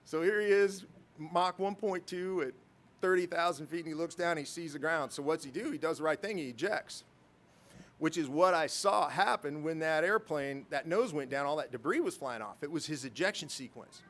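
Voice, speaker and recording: A man's voice: on the high side, moderate pace, a bit bright. A middle-aged man, a military pilot, giving a storytelling speech at a ceremony with self-deprecating humor and chuckles. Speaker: guest speaker, military pilot.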